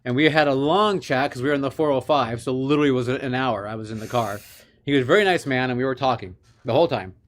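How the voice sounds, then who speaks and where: A man co-hosting a movie podcast, telling a story in relaxed, laughing casual chat. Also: mid-range voice, fast. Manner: chatty storyteller, laughs often. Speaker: podcast co-host.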